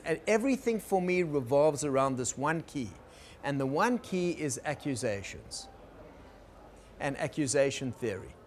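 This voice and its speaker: A man teaching about conflict in a gentle, explaining lecture style, checking in with his listeners. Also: a little high, slight background noise. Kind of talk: recorded lecture.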